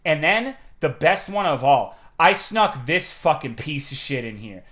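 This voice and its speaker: A young man chatting on a livestream, telling a story in a swearing, animated way with sudden loud outbursts. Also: fairly high pitch, a little slow. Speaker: streamer. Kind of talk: casual stream chat.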